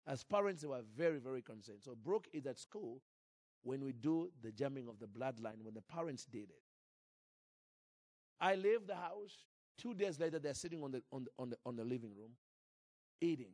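A man preaching and telling a story in an animated way, with frequent restarts and repeated words. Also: mid-range voice, moderate pace, dry recording. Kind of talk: sermon storytelling.

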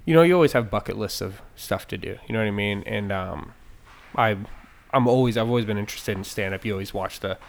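Winded guy talking low, lots of ums and you know what i mean. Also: fast talker, creaky. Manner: chatty, filler-heavy, breathless after stairs. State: out of breath. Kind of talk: casual podcast chat.

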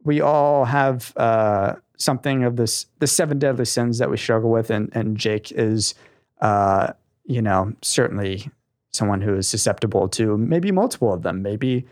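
A young man co-hosting a casual podcast, talking in an animated, rambling way with a lot of enthusiasm. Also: fairly low pitch, normal speed, no room sound, studio quality. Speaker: podcast co-host.

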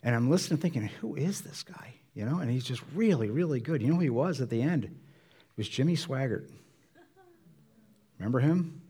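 A pastor giving a sermon in a conversational way, acting out Bible dialogue with changes of voice. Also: male voice, medium pitch, lively intonation, fairly quick, long pauses, mellow, husky.

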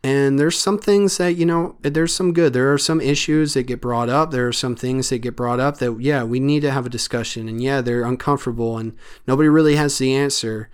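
A man's voice: mid-range voice, fairly even intonation, brisk, hardly any pauses, clear, resonant tone. A man hosting a solo podcast, talking in an earnest, rambling way with many fillers. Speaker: podcast host.

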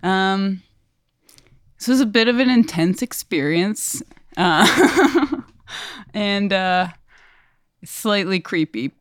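A woman's voice: medium pitch, lively intonation, extremely slow, pauses often, smooth, no echo, studio quality. A woman guesting on a comedy podcast, answering playfully and a little hesitantly. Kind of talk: casual improv chat.

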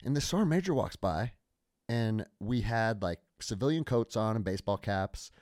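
A man with a lowish voice hosts a podcast, and his pitch swings widely as he talks. He speaks casually and swears freely. The mic is close and dry. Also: moderate pace, no echo. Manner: lively, profane, conversational. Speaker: podcast host, military veteran.

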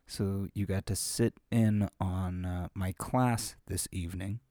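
Amateur male reader, casual chat, unhurried and rambling, dry close sound. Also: low voice, steady tone, warm tone, no room sound. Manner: rambling, self-deprecating, with frequent fillers. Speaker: amateur reader of children's stories. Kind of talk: casual chat after a reading.

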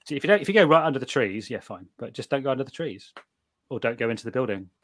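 A middle-aged British man chatting casually, telling animated stories with many restarts and the odd swear word. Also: mid-range voice, rapid-fire, no room sound. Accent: British English. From Britain. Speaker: guest reviewer of night vision gear. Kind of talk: casual chat.

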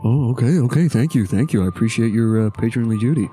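A man's voice: mid-range voice, quick pace, music in the background, natural voice. A man voicing a grateful middle-aged woman innkeeper who gushes her thanks. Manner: effusive, repeating thanks.

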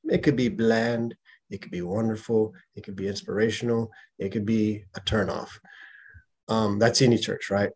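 A male podcast host with a lowish voice talks in relaxed conversation, working through his thoughts aloud. He often checks in with little tag questions as he goes. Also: normal speed, a little hiss or hum. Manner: reflective, thinks aloud with many tag questions. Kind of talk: casual conversation.

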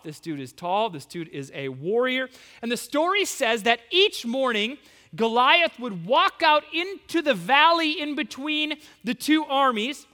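A male preacher retelling a story in an animated, casual sermon full of slang asides. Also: very high voice. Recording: long hall reverb.

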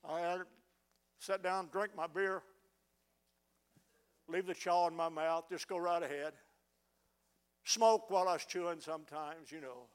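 Man, pastor, high voice, fervent sermon, repeats words as he restarts. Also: a little slow, pauses often, smooth. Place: church sanctuary.

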